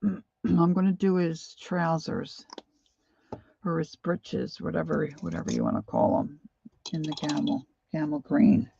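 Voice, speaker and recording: Slow gravelly older woman painting live. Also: low voice, little pitch movement, warm tone, dry recording, muffled recording. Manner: chatty, rambling, reads viewer comments aloud. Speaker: painting instructor. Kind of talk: live painting stream chat.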